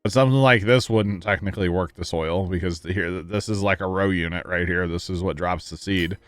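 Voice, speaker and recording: Chatty low-voiced streamer. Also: male voice, a little fast, a bit bright, dry recording, soft background music. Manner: chatty, reads chat aloud, explains farming gear. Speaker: livestream host. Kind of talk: casual gameplay commentary.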